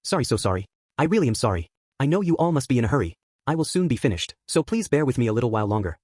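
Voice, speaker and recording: A male narrator voicing a woman cult leader who smothers everyone in sugary apologies and politeness. Her voice is husky and brisk, recorded dry and close. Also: medium pitch, sing-song, darkish tone, dry recording. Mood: sweet. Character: falsely polite female cult leader, unsettling.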